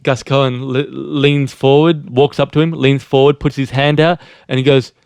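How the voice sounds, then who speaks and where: Podcast guy telling a story, keeps restarting, mid pitch, dry close mic. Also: level tone, creaky, a little mellow, clear, resonant tone, dry recording. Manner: halting, restarts often, laughs along. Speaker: podcast co-host. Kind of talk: casual storytelling chat.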